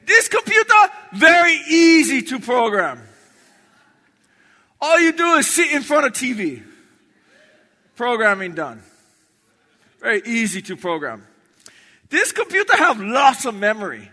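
A man's voice: very high voice, bright, forceful tone. A man doing stand-up on stage in a large hall, talking in clipped broken English and chanting lists of names. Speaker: stand-up comedian.

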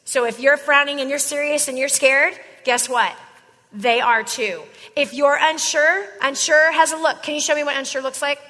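A woman running a live sales coaching session, emphatic, driving home each point with a quick "right?" or "okay?". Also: sits high, fairly even intonation, sharp tone. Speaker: sales trainer. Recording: long hall reverb.

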